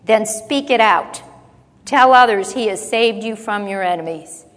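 A woman preaching a sermon, repeating phrases for emphasis and acting out low muttering. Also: a little slow, a bit bright. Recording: long hall reverb.

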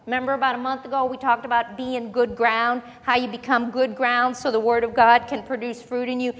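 A woman preaching to a congregation, her voice sitting a little high. She teaches from scripture in an animated, chatty way, breaking off into asides. The sound rings with the long reverb of a large church hall. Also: a little fast. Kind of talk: sermon, Bible teaching.

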